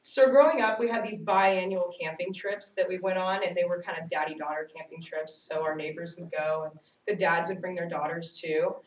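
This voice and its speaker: A young adult woman giving a personal storytelling speech to a class, animated and self-mocking as she tells her stories. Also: fairly low pitch, brisk, hardly any pauses. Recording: echoey room, distant mic, faint hiss.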